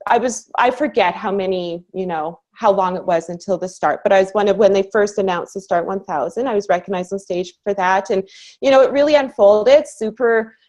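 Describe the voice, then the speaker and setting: A woman's voice: medium pitch, brisk, a little mellow. Earnest, enthusiastic woman sharing her story. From Canada. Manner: earnest and enthusiastic, laughs easily, many "you know"s. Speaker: guest speaker on a training call. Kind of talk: personal story in casual conversation.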